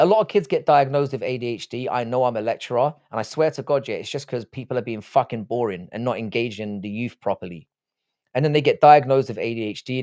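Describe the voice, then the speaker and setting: Seated at his desk microphone, a young livestream host reads the chat aloud and responds bluntly and crudely, joking around and swearing without restraint. His voice is medium in pitch with a darkish tone, and the stream is casual.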